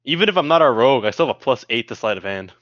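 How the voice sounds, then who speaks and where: A man's voice: medium pitch, expressive, rapid-fire, a bit bright, no room sound. A man at a tabletop game, teasing and laughing through his words, on a dull lo-fi recording. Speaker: player. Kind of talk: casual tabletop game chat. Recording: dull lo-fi audio.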